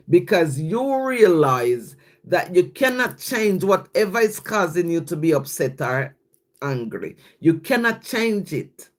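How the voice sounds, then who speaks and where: A livestream host speaking in a casual devotional chat, reading scripture and viewer comments aloud and often checking in with "yes?". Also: medium pitch. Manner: slow, repeats "yes?" after each thought, thanks viewers by name.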